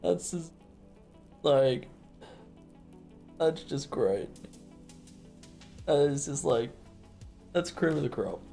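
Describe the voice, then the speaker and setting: A woman's voice: low voice, lively intonation, extremely slow, gravelly, pauses often, mellow, soft background music. A woman livestreaming, telling a story in giggly casual chat.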